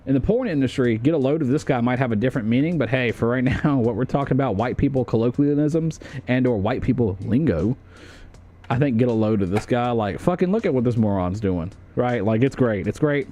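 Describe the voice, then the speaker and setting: A man's voice: mid-range voice, fairly quick, warm tone, muffled recording, a little hiss or hum. A young man streaming, chatting casually in a jokey, profane way.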